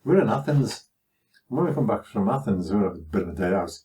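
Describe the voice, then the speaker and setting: An older man from Liverpool with a broad Scouse accent, talking over his memories in a relaxed, anecdotal way. His voice sits fairly low and lands a little distant from the microphone. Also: fast talker. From Liverpool, England. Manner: chatty anecdotal telling, acting out others' voices. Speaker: father recounting his life. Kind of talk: conversational life-story storytelling.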